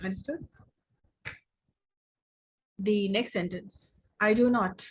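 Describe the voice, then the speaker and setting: Speaking in a steady, medium-pitched tone, a young Indian woman teaches English grammar online over slight background noise. She takes her time, repeating words and whole sentences to stress them.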